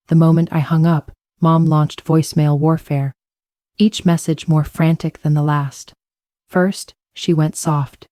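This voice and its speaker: A woman tells a dramatic first-person story in a low, mellow voice. The recording is dry and close, with no room sound. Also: level tone, a little slow, no echo. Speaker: narrator.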